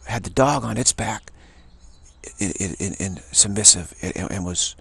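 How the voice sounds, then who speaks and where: A man giving a loose, playful spiritual talk with many restarts and repeated words. His voice is low and heavily gravelly, with a husky, breathy rasp throughout. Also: a little slow, fairly bright tone. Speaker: spiritual teacher.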